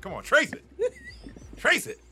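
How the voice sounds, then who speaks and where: A man co-hosting a casual podcast, joking around with animated, drawn-out exclamations. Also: soft background music. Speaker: podcast co-host. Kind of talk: casual banter.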